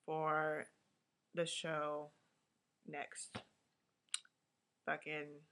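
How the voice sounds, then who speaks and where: A woman giving a casual, animated episode recap, swearing freely and acting out the characters' lines. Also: low-pitched, extremely slow. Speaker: vlogger reviewing a TV episode. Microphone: webcam or laptop mic.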